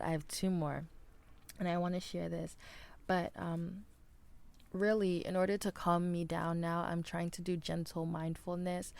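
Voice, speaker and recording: A woman's voice: on the low side, creaky, slight background noise. A woman in her twenties hosting a solo podcast, talking candidly and emphatically in casual slang. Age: 20s. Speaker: podcast host. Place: indoors, planes heard overhead.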